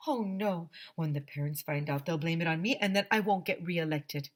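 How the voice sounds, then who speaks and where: A woman's voice: lowish voice, moderate pace, close to an everyday voice. A woman reading aloud, voicing a worried male mayor who fears he will be blamed. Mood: fretful.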